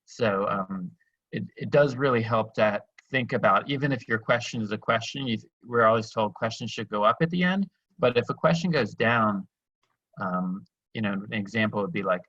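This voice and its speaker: A man with a fairly low voice talks through a parenting tip in a reflective, meandering way. His sound comes over a video call, muffled and lo-fi. The audio is dry and close, with no room sound. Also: normal speed, fairly bright tone, no echo. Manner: reflective, loosely phrased with many fillers. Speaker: workshop facilitator. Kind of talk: casual online workshop talk.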